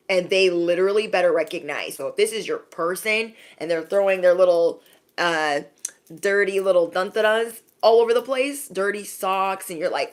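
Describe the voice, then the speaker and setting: A young adult woman giving a sassy, animated spiritual pep talk to her viewers, acting out little scenes as she goes. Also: medium pitch. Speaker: intuitive reader.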